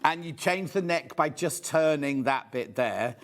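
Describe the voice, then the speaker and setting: A man's voice: on the high side, lively intonation, a little slow. A middle-aged man presenting a live shopping show, chatty and rambling, poking fun at himself as he reads out viewer questions. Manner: chatty, rambling, self-deprecating.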